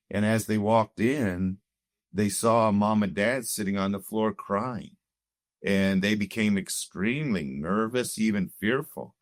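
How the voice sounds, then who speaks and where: A man's voice: on the low side, no room sound, studio quality. A man sharing a heartfelt personal testimony as a guest in a conversation, telling it earnestly. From Canada. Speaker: guest sharing his story.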